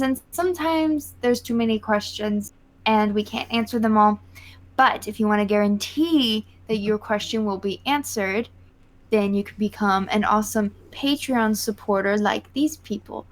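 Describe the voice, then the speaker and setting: A woman's voice: mid-range voice, moderate pace, poor audio. A woman with a Southern US accent, chatting casually as a co-host on a livestream podcast and reading out lists of names.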